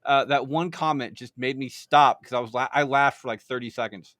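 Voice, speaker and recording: A man's voice: medium pitch, a little fast, fairly bright tone, no room sound. A man hosting a casual podcast, loose and rambling, laughing often. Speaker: podcast host.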